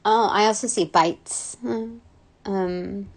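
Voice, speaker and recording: A woman's voice: mid-range voice, steady tone, slow. A woman giving a casual intuitive reading, rambling with many fillers and giggles. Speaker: spiritual reader.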